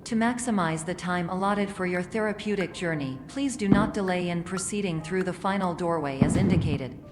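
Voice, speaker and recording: A woman voicing a cold female orientation AI in a game, speaking in a flat, clinical, deadpan way. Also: lowish voice, normal speed, big-room sound, over loud music, close to an everyday voice. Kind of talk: scripted game voice-over.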